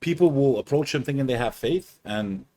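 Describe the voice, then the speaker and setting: A man's voice: medium pitch, animated, normal speed, darkish tone. A man co-hosting a casual stream chat, earnest and preachy, giving solemn warnings. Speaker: podcast co-host.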